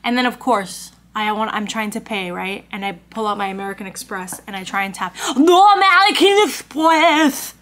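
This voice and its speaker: A woman's voice: medium pitch, little pitch movement, brisk, hardly any pauses, a bit bright. A woman vlogger telling a story as a rant, brash, profane and exasperated. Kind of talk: ranting storytime.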